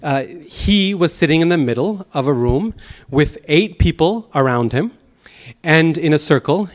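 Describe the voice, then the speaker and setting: A man teaching a Sanskrit class at a temple, telling anecdotes in an animated way with chuckles and restarts. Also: on the high side, unhurried. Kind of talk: lecture with anecdotes.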